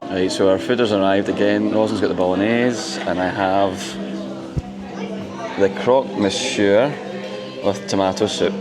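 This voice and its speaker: A man vlogging in a resort, his voice sitting on the low side. He gushes and laughs easily, and music plays clearly behind him. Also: normal speed. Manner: excitable, gushing, laughs often. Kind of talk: casual vlog narration. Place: resort, indoors.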